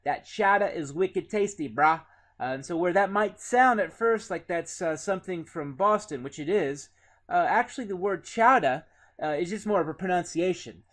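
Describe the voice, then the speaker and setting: Guy from w/ doing a class lecture, kinda high voice, says uh a lot, laid back. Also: normal speed. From Indiana. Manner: relaxed, lots of "uh" fillers, conversational. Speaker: teacher.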